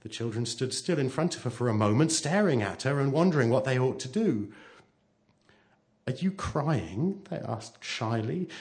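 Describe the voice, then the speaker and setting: A man reading a story aloud expressively, swinging from hushed to loud. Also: medium pitch, animated, a little fast, hardly any pauses.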